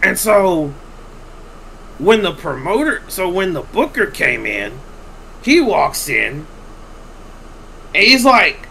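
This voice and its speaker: A man's voice: sits high, measured pace, vocal fry, long pauses, slight background noise, low-quality recording. A man hosting a podcast, telling a long story casually with lots of swearing and acting out what other people said. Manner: animated, profane, acts out quoted people.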